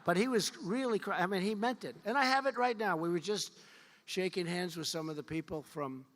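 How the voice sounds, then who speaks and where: A man's voice: sits high, a little fast, a bit bright. Boastful man giving a rambling rally speech. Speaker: political speaker at a fundraiser. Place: large event hall. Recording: long hall reverb.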